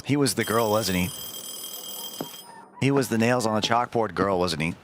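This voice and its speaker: A man streaming a horror game, loud, crude and excitable as he comments on it. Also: on the low side, normal speed, noisy background. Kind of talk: casual gaming commentary.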